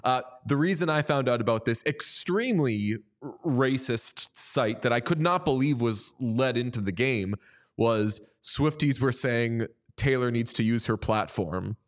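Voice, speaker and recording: A man's voice: medium pitch, lively intonation. A man co-hosting a sports podcast, chatting casually in a wry, rambling way. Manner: wry, rambling, quick to joke. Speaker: podcast co-host.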